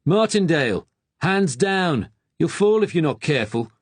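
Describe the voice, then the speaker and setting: A man's voice: mid-range voice, lively intonation, normal speed, no echo, pitched above the performer's own voice. A man voicing a brusque middle-aged ex-soldier hospital attendant with a Birmingham accent, barking orders.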